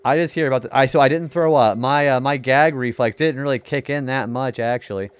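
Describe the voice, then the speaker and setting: A man's voice: mid-range voice, a little fast, clean tone, no room sound, dull audio. Nerdy-voiced young man, swearing streamer. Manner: rambling, swears often when frustrated; self-described nerdy voice. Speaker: game streamer. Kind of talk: casual gaming stream chat.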